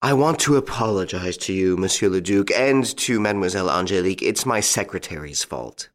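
A man playing a suave gentleman thief, teasingly courteous and smooth. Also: low-pitched, lively intonation, fairly quick.

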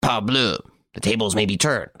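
A man's voice: on the low side, moderate pace, a bit bright, no room sound, clean studio sound, voice pushed up, lightly acted. A man voicing a desperate, cornered blackmailer in an audiobook, sullen and bitter.

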